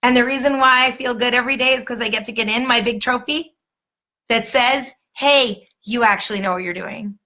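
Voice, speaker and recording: A woman's voice: a little high, a little fast, pushed and bright. A woman training a new sales team on a live stream, talking in an emphatic, upbeat pep-talk way.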